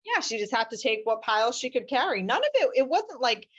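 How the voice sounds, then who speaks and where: Woman lawyer guest, fairly high voice, lively storyteller, muffled lo-fi recording. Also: brisk, breathy edge. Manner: animated, acts out quotes with shifting voices. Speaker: family law attorney, guest.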